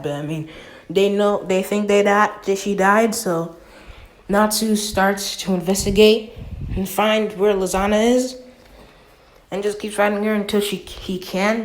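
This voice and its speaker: A woman casually retelling a homemade anime storyline. She talks slowly and loosely, often stopping to correct herself or reach for filler words. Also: mid-range voice. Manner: rambling, with many fillers and self-corrections.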